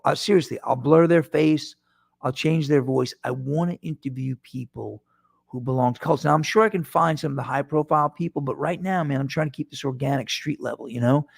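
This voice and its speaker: A man's voice: on the high side, creaky, no echo, studio quality. A middle-aged man hosting his own podcast, talking to listeners in a rambling, self-deprecating way with lots of restarts. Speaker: podcast host. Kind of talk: casual solo monologue. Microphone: microphone in front of him.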